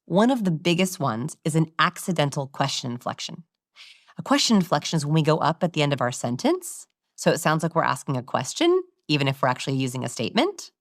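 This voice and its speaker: Low voiced woman researcher, animated interview talk, dry close mic. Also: fast talker, no room sound. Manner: animated, demonstrating vocal examples. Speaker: communication researcher and guest. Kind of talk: expert interview explanation.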